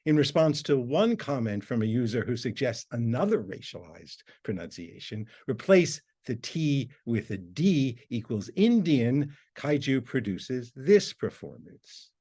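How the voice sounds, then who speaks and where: A man, a university lecturer, reading a prepared academic talk in a measured, formal way. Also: medium pitch, big pitch swings, mellow, husky.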